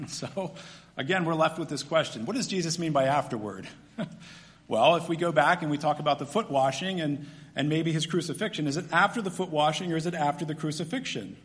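High-voiced preacher in an echoey hall. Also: male voice, a little fast. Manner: animated, swings from loud emphatic to quiet and soft. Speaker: pastor. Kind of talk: sermon. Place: church hall with long reverb.

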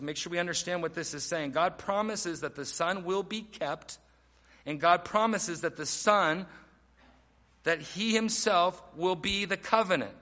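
A man preaching a sermon as pastor, earnest and emphatic, slowing down to stress key words. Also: high voice, fairly bright tone, big-room sound.

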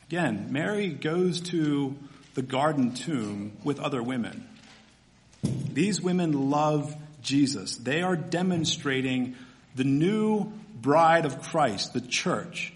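A man's voice: a little high, animated, slow. A man, a pastor, preaching a sermon in a conversational, storytelling way with casual fillers.

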